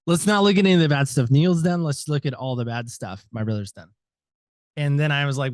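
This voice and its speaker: A middle-aged American man, a podcast guest, telling a personal story with animated reenacted dialogue and "so anyway" asides. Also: fairly high pitch, brisk, no room sound, studio quality. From United States.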